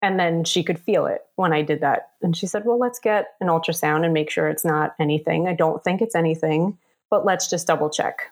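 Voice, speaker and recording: A woman's voice: deep voice, a little fast. A woman in her thirties telling a personal story in a casual, chatty way, with many fillers, acting out the voices of the people in it. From New York area. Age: 30s.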